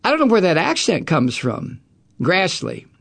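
A man's voice: high voice, wildly swooping pitch, moderate pace, vocal fry, a bit bright. Furious profane middle-aged man ranting. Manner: angry, profane, sarcastic. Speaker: talk radio host. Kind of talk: political rant.

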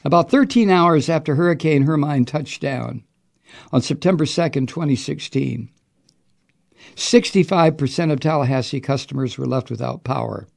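A man's voice: mid-range voice, moderate pace, gravelly. A man delivering an angry, profane and sarcastic political monologue. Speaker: political commentator.

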